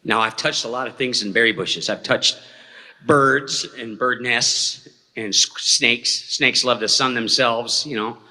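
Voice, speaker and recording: Guy telling a story to a crowd, folksy and rambling, keeps saying okay, sharp forceful voice. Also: mid-range voice, measured pace. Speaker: eyewitness speaker at a talk. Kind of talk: storytelling to a live audience. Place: hall before an audience. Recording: reverberant hall sound.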